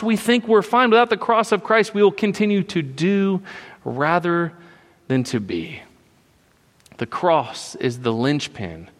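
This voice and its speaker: A man's voice: sits high, a bit bright, in a large hall. A man preaching a sermon, emphatic and repetitive, often checking in with "right?".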